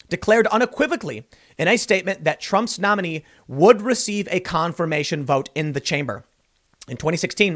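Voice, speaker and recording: Hosting a political commentary show, a man reads news excerpts aloud and breaks in with casual remarks like "dude" and "man." His voice is on the high side and a bit bright.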